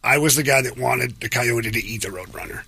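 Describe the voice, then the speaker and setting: Blunt, bright-voiced man. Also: medium pitch, brisk, gravelly, husky. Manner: blunt, opinionated, teasing. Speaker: podcast panelist. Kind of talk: casual chat.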